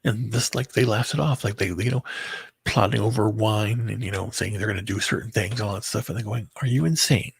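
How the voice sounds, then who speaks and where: A man telling a painful personal story in a halting, rambling way, full of filler words and bitterness. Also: on the low side, fairly even intonation, no echo. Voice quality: very husky, gravelly. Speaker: person recounting a breakup.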